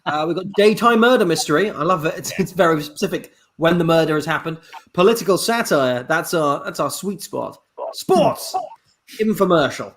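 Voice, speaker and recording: A man with a slightly raised pitch hosting a live improv show. He reads through audience suggestions in an upbeat, matter-of-fact manner. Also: animated, fairly quick, a bit bright.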